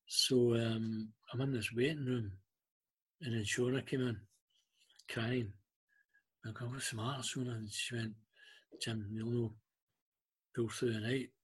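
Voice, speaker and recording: A Scottish man guest in an interview, telling personal stories haltingly, with frequent ums and restarts. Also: mid-range voice, breathy edge. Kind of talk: emotional storytelling interview.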